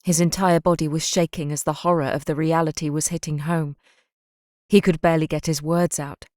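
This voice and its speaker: A woman narrating an audiobook with steady, restrained storytelling. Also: low-pitched, a little fast, dry recording, clean studio sound. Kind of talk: scripted narration.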